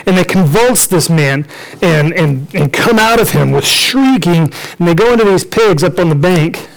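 A man preaching a storytelling sermon, with a high-pitched voice. He talks in a lively, joking way and keeps acting out the people in the story. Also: moderate pace, creaky, rough recording. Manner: lively, joking, acts out the characters.

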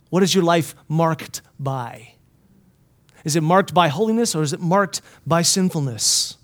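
A man preaching a sermon at a Bible college, emphatic and full of questions to his listeners, swinging between loud and hushed lines. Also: high voice, normal speed. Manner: asks the listeners many questions.

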